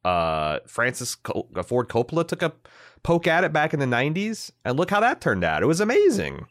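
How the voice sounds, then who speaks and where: A man co-hosting a podcast, chatting casually about movies, animated and swearing freely. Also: fairly high pitch, normal speed, no echo, clean studio sound. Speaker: podcast co-host.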